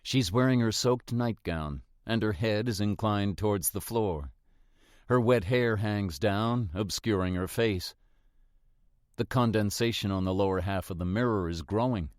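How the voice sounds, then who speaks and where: A man reads a first-person thriller with a tense, suspenseful delivery. His voice sits on the low side. The recording is dry and close. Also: unhurried, dry recording. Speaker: audiobook narrator. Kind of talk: first-person scripted narration.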